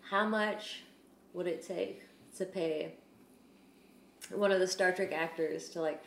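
A woman hosting a casual chat, telling profane, animated stories about meeting celebrities. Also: fairly low pitch. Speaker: podcast host. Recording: echoey room, faint noise.

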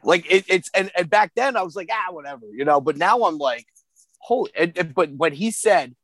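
Co-host, fairly high male voice, dry close sound; rambly, repeats himself, swears. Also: expressive, fairly quick, fairly bright tone, dry recording. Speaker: podcast co-host. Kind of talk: casual film discussion.

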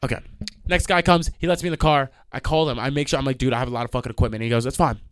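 A man's voice: medium pitch, very fast, a bit bright, clear, resonant tone. Heated, profane young man ranting. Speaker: podcast host. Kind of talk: ranting monologue.

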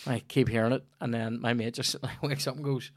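A man's voice: medium pitch, a little fast, dry recording, studio quality. Sweary Northern Irish man telling stories. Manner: sweary, animated anecdote telling. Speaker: podcast host. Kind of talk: casual comedy podcast chat.

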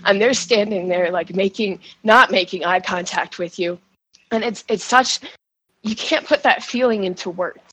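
A shaken woman giving an emotional first-person account as a guest, halting and restarting, with nervous laughs. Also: mid-range voice, fairly bright tone, husky, dry recording, low-quality recording. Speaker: guest recounting events.

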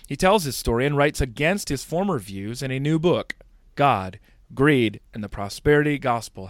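Podcast host guy, mid pitch, dry close sound, reads intro formally. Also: no room sound. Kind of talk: scripted podcast intro and interview.

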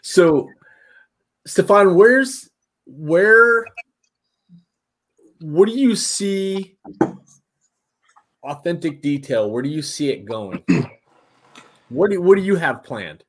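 A man co-hosting a podcast, asking questions in a halting, searching way. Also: a little high, animated. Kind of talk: casual podcast interview.

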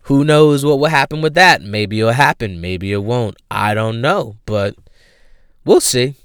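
Profane, animated male podcast host. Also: medium pitch, unhurried, clean tone, dry recording, studio quality. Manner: profane, animated storytelling with frequent laughs. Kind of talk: casual comedic monologue.

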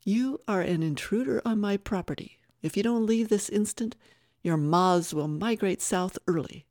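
A woman narrator voicing an unflappable elderly woman who answers threats calmly and tartly. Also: medium pitch, a little slow, no echo, studio quality, voice pushed up, lightly acted. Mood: steely. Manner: calm, steely and tart.

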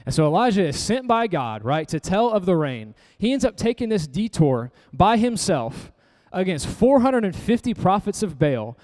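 A man's voice: sits high, big pitch swings, normal speed, a little mellow, in a large hall. A man preaching an evening sermon, reading scripture aloud and then explaining it with earnest, conversational rhetorical questions. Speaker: pastor.

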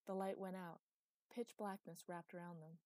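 A woman narrating a fantasy audiobook in a measured, expressive read. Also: fairly low pitch, dry recording.

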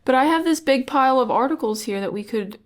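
A woman's voice: high-pitched, animated, quick pace. A woman co-hosting a casual craft podcast, reading articles aloud in a playful, teasing way and stumbling over hard words. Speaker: podcast co-host.

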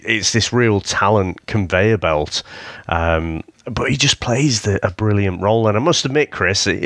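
A man's voice: low-pitched, fairly bright tone, no room sound, studio quality. A man co-hosting a podcast, chatting casually and easily about a comedy series, often seeking agreement with his co-host. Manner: easygoing, asking for agreement. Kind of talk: casual chat.

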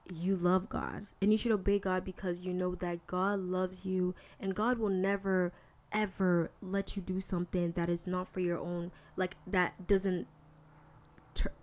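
A woman hosting a podcast and giving a casual faith talk monologue, candid and animated, with slangy asides. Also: lowish voice. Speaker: podcast host.

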